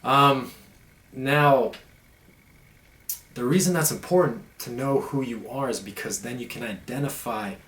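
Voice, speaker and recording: A man's voice: lowish voice, fairly bright tone, slight background noise. Blunt, profane man in an echoey room. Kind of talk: casual monologue.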